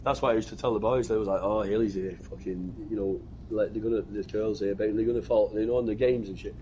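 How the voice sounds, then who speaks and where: A man's voice: on the low side, fairly even intonation, quick pace, warm tone, dull audio, slight background noise. A British man hosting a gaming stream, rambling through stories in casual chat and swearing freely. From Britain. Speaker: gaming channel host.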